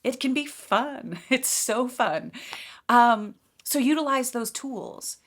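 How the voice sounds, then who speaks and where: A woman's voice: on the high side, lively intonation, takes it slowly. A woman giving a casual, enthusiastic spiritual update, talking emphatically with fillers and light laughs.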